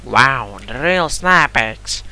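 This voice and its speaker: A man with non-native English giving excitable, cursing gameplay commentary, often shouting at the game and searching for words. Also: mid-range voice, takes it slowly, slight background noise. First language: not English. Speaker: gamer.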